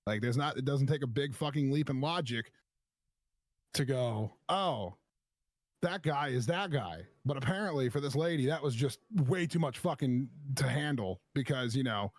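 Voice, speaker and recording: A man's voice: mid-range voice, normal speed, dry recording, clean studio sound. Man ranting through a profane story. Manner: profane, animated retelling with quoted back-and-forth. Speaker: streamer telling a story. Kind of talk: casual storytelling chat.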